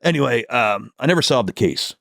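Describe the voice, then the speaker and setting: A man's voice: mid-range voice, animated, brisk, vocal fry, fairly bright tone, no echo, clean studio sound. A man, a police detective, telling stories from the job in a podcast interview, swearing freely and acting out heated phone calls.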